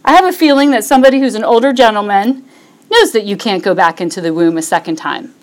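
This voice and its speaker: A woman's voice: medium pitch, lively intonation, quick pace. A woman preaching a Bible teaching, reading scripture aloud and asking her listeners rhetorical questions.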